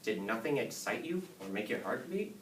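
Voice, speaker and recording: A man reading the lines of a stern, calm father who quizzes his son, recorded in an echoey room from a distance. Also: fairly low pitch, normal speed, slight background noise.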